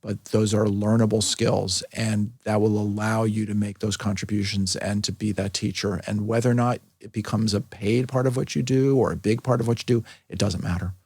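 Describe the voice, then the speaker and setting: A middle-aged man, a medical school dean and liver doctor, speaking thoughtfully in a casual interview with many pauses and restarts. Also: lowish voice, fairly even intonation, a little mellow, husky, no echo. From New York City.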